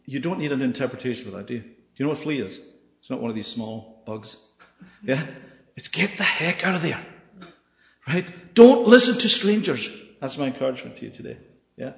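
A man's voice: mid-range voice, expressive, brisk, gravelly. A man preaching a sermon with emphasis, often checking in with his listeners by asking "Yeah?". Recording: echoey hall, dull sound.

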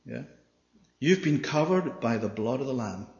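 A man's voice: mid-range voice, expressive, moderate pace, vocal fry, a little mellow. Emphatic preacher man in an echoey hall. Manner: emphatic, asks the congregation "Yeah?" often. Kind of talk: sermon. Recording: echoey hall, dull sound.

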